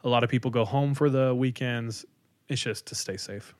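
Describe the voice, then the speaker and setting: A man casually retelling a story on a podcast, animated and full of likes as he acts out quotes. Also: mid-range voice, normal speed.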